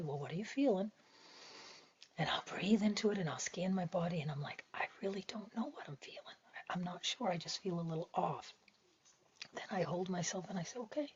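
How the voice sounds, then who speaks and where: Earnest woman spiritual teacher, breathy and soft-spoken with hushed whispers, slightly deep voice. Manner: soft, gentle delivery that often drops to a hushed whisper; earnest and heartfelt. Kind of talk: reflective spiritual talk to camera. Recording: dull lo-fi recording.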